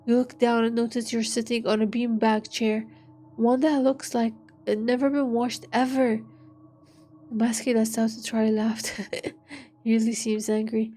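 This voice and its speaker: A woman's voice: on the high side, little pitch movement, unhurried, dark tone. A woman streamer reading an interactive story aloud, stumbling over words and breaking off with joking asides.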